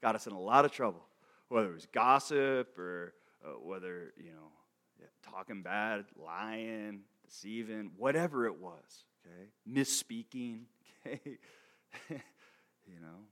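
Casual preaching man, lowish voice. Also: measured pace, a bit bright. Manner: conversational preaching, frequent "okay?" check-ins; laughs often, restarts and repeats words. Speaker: pastor. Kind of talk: sermon.

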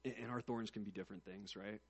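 A man preaching a sermon in a conversational way, swinging from soft, low passages to loud, emphatic ones. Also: fairly even intonation, fast, slightly rough, no room sound. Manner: conversational, with restarts and asides.

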